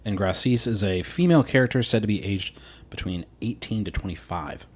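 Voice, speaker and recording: A man's voice: lowish voice, brisk. A man co-hosting a podcast in casual chat, laughing often and acting out quotes in silly voices. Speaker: podcast co-host.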